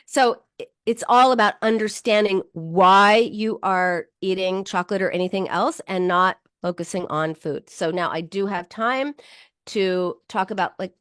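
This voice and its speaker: A middle-aged woman gives self-help advice in an animated, chatty way, her voice leaping up and down as she acts out harsh inner voices. It sounds dry and close, with no room echo. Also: medium pitch. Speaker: psychologist and show host. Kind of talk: self-help talk to viewers.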